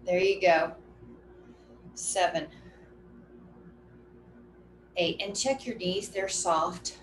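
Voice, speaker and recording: A middle-aged woman leading an exercise class, counting reps aloud with brisk, encouraging cues. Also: lowish voice. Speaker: fitness instructor. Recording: echoey room with faint ambient noise.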